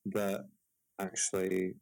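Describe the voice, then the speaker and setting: A man's voice: low-pitched, monotone, takes it slowly, a little mellow, no echo, low-quality recording. A man co-hosting a podcast over a call, rambling and hesitant with lots of fillers. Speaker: podcast co-host. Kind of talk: casual podcast chat.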